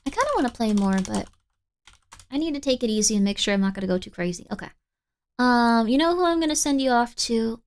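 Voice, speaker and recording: Woman streamer, sleepy and drowsy, slightly slurred, loose rambling chat with a raspy creak in a raised voice. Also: on the high side, expressive, fast talker. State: sleepy and tired. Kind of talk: casual live-stream chat.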